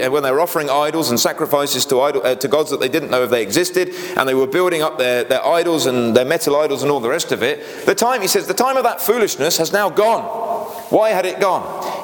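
Man, preacher, sermon, slightly high voice, earnest, emphatic, asides, long reverb in a roomy hall.

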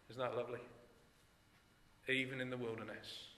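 A man preaching a sermon in an earnest, emphatic way, letting his phrases fall away softly at the ends. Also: medium pitch, unhurried, pauses often. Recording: echoey church hall with long reverb.

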